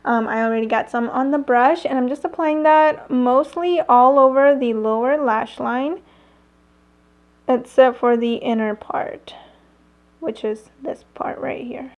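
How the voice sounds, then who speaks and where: A woman's voice: high-pitched, unhurried, a little mellow. A woman talking through a casual makeup tutorial at home, chatty, with lots of fillers and little laughs. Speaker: beauty vlogger. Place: home, airplanes passing nearby.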